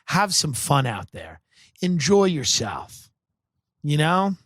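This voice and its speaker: A man's voice: fairly high pitch, slow, no room sound, clean studio sound. A man, a comedian riffing through a rambling, sardonic podcast monologue. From Long Island, US. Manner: rambling, sardonic, deadpan absurd.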